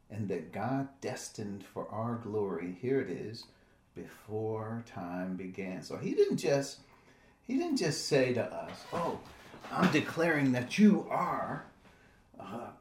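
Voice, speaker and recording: A man's voice: on the low side, darkish tone, echoey room. A man teaching a Bible study in a conversational way, often repeating words and checking in with "right?".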